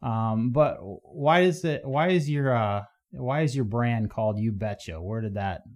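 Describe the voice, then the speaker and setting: A man's voice: mid-range voice, unhurried, darkish tone. Rambling male podcast host. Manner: rambling, searches for words. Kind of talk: casual interview conversation.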